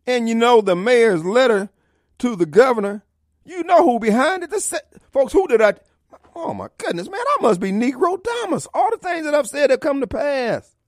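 A man's voice: very high-pitched, sing-song, moderate pace, no room sound, studio quality. A middle-aged man hosting talk radio, ranting in a combative, mocking, preachy way. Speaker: radio talk show host. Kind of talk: opinionated talk radio monologue. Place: radio studio.

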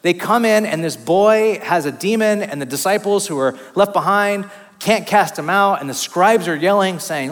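A man in his thirties preaching a conversational sermon, an animated, self-deprecating storyteller with casual fillers. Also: high-pitched, moderate pace. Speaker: pastor. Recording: long reverb of a large hall.

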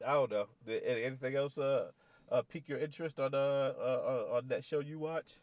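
A man's voice: medium pitch, fairly quick, a little mellow, no echo. A man with a mid-range voice co-hosting a casual chat show. He keeps things moving with questions and short joking interjections. His tone is easygoing. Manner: prompting questions, laughing interjections. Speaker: co-host.

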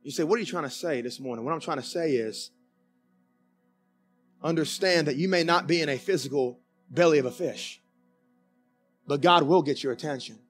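A man's voice: on the high side, moderate pace, pauses often, soft background music. A man with a Southern US accent preaching a sermon to his church, telling folksy stories and calling out to the congregation for an amen. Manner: folksy storytelling with asides to the congregation. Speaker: pastor. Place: church sanctuary.

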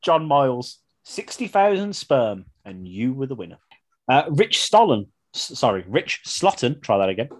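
Here a podcast host reads listener submissions at a normal speed, his medium-pitched voice lively and frequently interrupted by laughter. The show has a casual feel.

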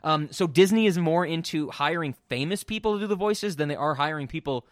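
In a brisk, fairly high-pitched voice, a podcast host rambles casually with strong opinions on film voice acting, swearing and stumbling through many ums and restarts. The sound is clean studio quality with no room sound.

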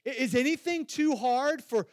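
A man's voice: extremely high pitch, moderate pace, darkish tone, dry recording, clean studio sound. A man preaching a sermon as a pastor, talking conversationally, putting questions straight to his listeners and repeating phrases for emphasis.

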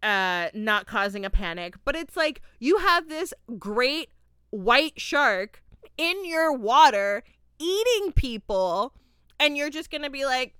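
A young woman from Florida hosting a podcast, casually reviewing a movie with lively laughter and acted-out quotes. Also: high-pitched, slow pace, smooth, no echo, clean studio sound. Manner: animated, laughing, acts out quotes. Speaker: podcast host.

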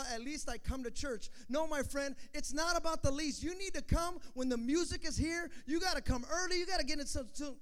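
A pastor preaching a sermon to his congregation, calling for responses and rising to shouts. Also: very high-pitched.

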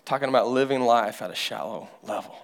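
A man's voice: mid-range voice, a little fast. A male pastor preaching a sermon in a church, telling stories and acting out people's voices.

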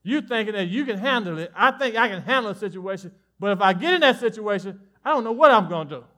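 A man preaching a lively sermon in a high, bright voice. He swings between forceful declarations and quiet, folksy asides, joking easily with his congregation. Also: fast talker. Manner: animated preaching with sudden drops to soft asides. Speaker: pastor.

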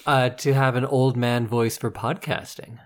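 A man's voice: mid-range voice, steady tone, measured pace. A man from Canada hosting a casual podcast, joking around and slipping into put-on old man voices. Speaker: podcast host. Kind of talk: casual chat.

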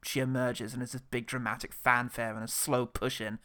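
A podcast co-host chatting casually about a film, wry and quick to laugh. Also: medium pitch, level tone, pushed and bright. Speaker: podcast co-host reviewing films. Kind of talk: casual chat.

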